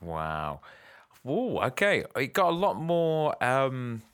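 A man's voice: mid-range voice, wildly swooping pitch, slow pace, fairly bright tone, smooth, dry recording, clean studio sound. A man co-hosting a casual comedic chat, tossing in joking quips and laughing often. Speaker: podcast co-host.

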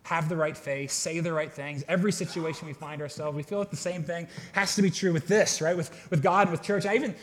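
A man with a fairly high voice delivers a sermon in a relaxed, talk-to-the-room way. He swings from loud, emphatic bursts down to soft, low asides, talking with his congregation rather than at them. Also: brisk, few pauses, a little hiss or hum. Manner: conversational preaching, swinging between loud emphasis and quiet asides. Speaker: pastor. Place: church hall with a congregation.

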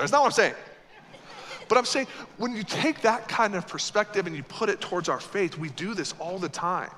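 Male pastor, high bright voice, emphatic preaching in a reverberant church hall. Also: a little hiss or hum. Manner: emphatic preaching, swinging between loud exhortation and quiet earnest lines. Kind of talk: sermon. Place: church sanctuary.

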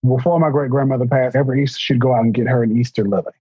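A man in casual chat, telling family stories in an earnest, reflective way, with a husky voice. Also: mid-range voice, steady tone, racing, no echo. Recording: dull, dry recording.

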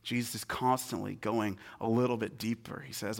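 A young adult man giving a casual, conversational sermon as a pastor, swinging between hushed asides and excited storytelling. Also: fairly low pitch, moderate pace, vocal fry, few pauses.

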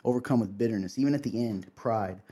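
A man's voice: lowish voice, fast, warm tone, slightly rough. A man co-hosting a show, giving an emotional sermon-style talk, earnestly acting out quotes and often asking "right?". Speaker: co-host sharing a devotional.

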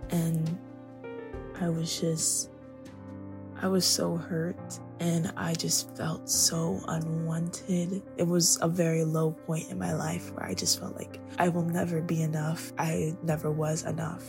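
A young woman hosting a podcast, telling her personal story in a soft-spoken way that often drops to a whisper. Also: sits low, little pitch movement, slow, over music. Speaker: podcast host.

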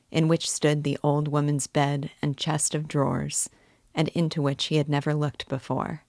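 A woman teacher narrating a classic novel as an audiobook, in a measured, clear manner. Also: sits low, darkish tone, no echo, clean studio sound. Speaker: literature teacher and reader.

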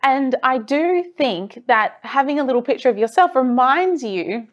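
A woman with a high, animated voice delivers a motivational monologue at a moderate pace as a self-development coach. She speaks earnestly, encouraging the listener and repeating phrases for emphasis. The audio has its highs cut off.

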